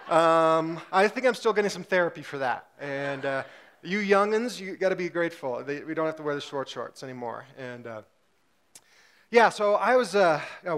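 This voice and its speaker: Chatty pastor man with a high voice. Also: expressive, normal speed, fairly bright tone. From Singapore. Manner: chatty and humorous, with frequent fillers. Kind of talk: casual sermon.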